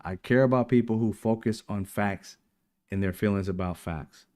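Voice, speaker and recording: He speaks on the low side, at a moderate pace, in a mellow voice. Hosting a casual political commentary livestream, the man is emphatic and mocks opponents in put-on quotes.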